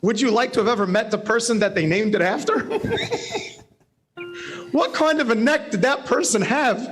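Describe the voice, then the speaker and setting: A man's voice: very high voice, expressive, moderate pace, a bit bright. A man speaking at an event, telling a rambling, self-mocking story and laughing often. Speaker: guest speaker. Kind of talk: humorous storytelling talk. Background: faint music.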